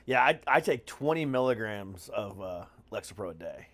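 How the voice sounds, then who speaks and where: A man's voice: on the low side, very animated, moderate pace, fairly bright tone. Candid, crude male podcast host. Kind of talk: casual podcast chat.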